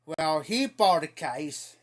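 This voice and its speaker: A man's voice: fairly high pitch, expressive, slow pace. Folksy man telling a rambling story. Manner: rambling, folksy, laughs at his own story. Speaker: live stream host. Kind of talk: casual storytelling.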